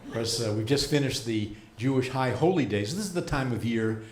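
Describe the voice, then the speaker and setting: A man in his seventies performing a stand-up comedy set as a rabbi comedian, with a dry, deadpan delivery and pauses before the punchlines. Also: medium pitch, a little hiss or hum. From United States. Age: 70s. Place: comedy club stage. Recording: roomy live club sound.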